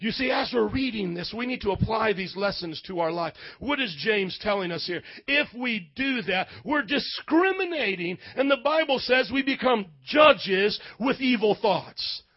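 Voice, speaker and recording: A male pastor preaching a sermon, animated and leading call-and-response with his congregation. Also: high-pitched, moderate pace, few pauses, highs cut off.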